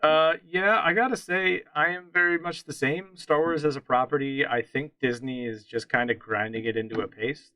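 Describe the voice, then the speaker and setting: A man's voice: fairly high pitch, fairly even intonation, normal speed, hardly any pauses, pushed and bright, no room sound, low-quality recording. A man co-hosting a casual podcast, chatting about games with strong opinions and frequent restarts. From central Pennsylvania. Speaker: podcast co-host.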